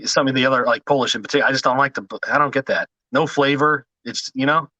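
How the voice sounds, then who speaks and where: A man's voice: mid-range voice, fairly even intonation, fast, bright, forceful tone, dry recording, rough recording. A man hosting a podcast in casual chat, joking and self-deprecating in loose banter.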